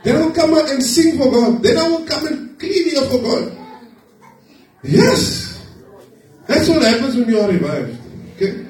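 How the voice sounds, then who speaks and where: A man preaching a sermon to his congregation, lively and joking with them. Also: extremely high pitch, unhurried, long pauses. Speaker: pastor. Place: church hall. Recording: echoey hall, distant mic.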